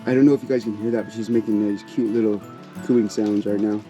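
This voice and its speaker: A man's voice: fairly low pitch, steady tone, fast talker, mellow, faint music behind. Easygoing man rambling at his birds. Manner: easygoing and folksy, many fillers, keeps addressing viewers as "you guys"; talks sweetly to his birds while walking around. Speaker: pheasant breeder and channel host. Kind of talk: casual rambling vlog chat. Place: outdoors at a backyard pheasantry.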